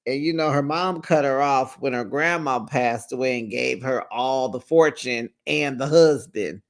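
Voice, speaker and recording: A reality TV recap host giving casual, sassy commentary, chatty and lively, retelling scenes with plenty of "honey" asides. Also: medium pitch, a little slow.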